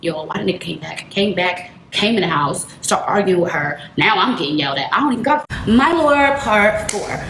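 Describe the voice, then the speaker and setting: A woman's voice: medium pitch, lively intonation, moderate pace, hardly any pauses. A young woman with speech telling a personal story casually and vividly, acting out the people she quotes. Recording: echoey room with loud noise.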